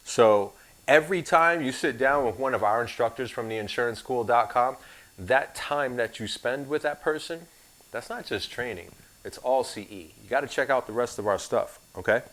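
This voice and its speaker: A man's voice: medium pitch, normal speed, a bit bright. A man teaching an insurance course in a recorded class, with sarcastic, joking asides.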